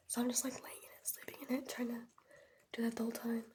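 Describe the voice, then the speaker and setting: A woman's voice: on the high side, completely flat delivery, fast talker, warm tone. Whispering sick teen girl, ASMR ramble. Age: teens. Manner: whispered storytelling, rambling and casual. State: sick, sore throat and voice mostly gone. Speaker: ASMR creator. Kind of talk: soft-spoken ASMR rambling. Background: keyboard tapping.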